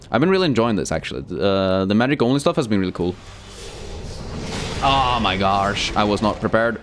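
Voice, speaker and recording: A man's voice: on the low side, lively intonation, a little fast, a little hiss or hum. A young man, chatting casually and cursing as he streams a game and answers chat. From Sweden. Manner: loose and profane, reads chat aloud, many fillers.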